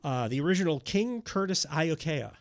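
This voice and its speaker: A man co-hosting a podcast in a casual, rambling chat, often laughing and filling pauses. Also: fairly high pitch, sing-song, vocal fry. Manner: rambling, laughing, filler-heavy. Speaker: podcast co-host.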